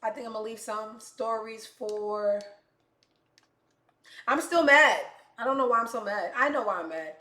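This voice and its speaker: A woman host tears into the news with heated, profane commentary. Her voice is bright and forceful, and the room around her sounds roomy and echoey. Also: on the high side, moderate pace. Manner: heated, swearing, blunt. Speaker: show host. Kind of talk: profane comedic rant commentary.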